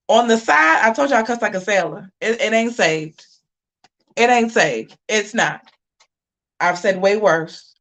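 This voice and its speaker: A woman hosting her own livestream, delivering a preachy, scolding rant. She hammers her points by repeating phrases, with animated swings in her delivery, in a middle-pitched voice. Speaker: channel host on a livestream. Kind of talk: casual livestream commentary.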